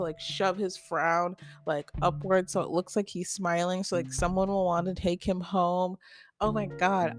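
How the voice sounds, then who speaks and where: A woman hosting a solo podcast, chatting casually and gushing, with many "like" fillers. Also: lowish voice. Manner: chatty and gushing, heavy use of "like". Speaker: podcast host.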